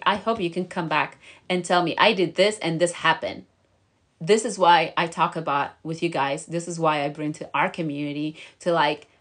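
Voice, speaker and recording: A woman's voice: fairly low pitch, fairly bright tone. A young woman vlogger talking earnestly and emotionally, encouraging her viewers in a motivational chat. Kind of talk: motivational vlog talk.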